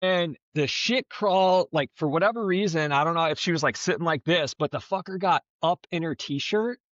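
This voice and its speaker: A man's voice: a little high, moderate pace, a bit bright, no echo. A man co-hosting a podcast, telling a story in a rambling, profane, casual way. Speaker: podcast co-host. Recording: dull, slightly lo-fi dry sound.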